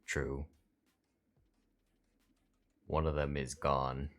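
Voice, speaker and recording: A man's voice: extremely low pitch, little pitch movement, very slow. A man running a tabletop role-playing game with a wry, teasing manner. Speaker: dungeon master.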